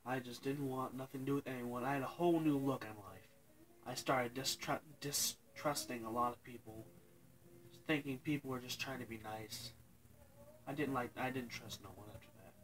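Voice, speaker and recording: A man's voice: mid-range voice, fairly even intonation, poor audio. Tearful young man sharing a loss. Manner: halting, tearful, pauses and restarts. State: crying. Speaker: vlogger. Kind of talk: emotional personal story to camera.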